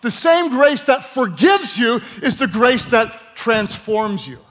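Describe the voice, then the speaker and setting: A man's voice: extremely high pitch, very animated, slow, fairly bright tone. A male pastor preaching a sermon, emphatic and calling on the congregation to repeat words aloud, with playful asides. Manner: emphatic, draws the congregation to speak along.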